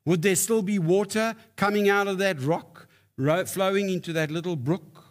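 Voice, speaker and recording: A man's voice: high voice, normal speed. A man preaching a sermon, telling stories with emphatic rises. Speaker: pastor.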